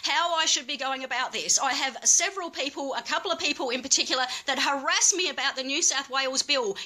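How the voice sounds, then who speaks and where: A woman's voice: high voice, fairly quick, few pauses, pushed and bright. A woman with an Australian accent making an impassioned, angry plea as an activist guest, emphatic and swearing.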